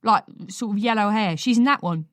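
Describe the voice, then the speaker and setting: A woman's voice: mid-range voice, brisk, a bit bright, dry recording, studio quality, natural voice. A woman voicing a flustered older woman with an East London accent, wary and fluttery.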